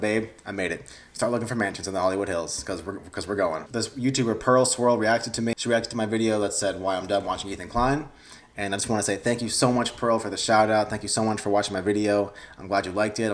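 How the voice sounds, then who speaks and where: A young man, vlogging casually in a rambling, awkward, self-deprecating way. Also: lowish voice. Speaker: YouTuber. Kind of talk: casual vlog talk to camera.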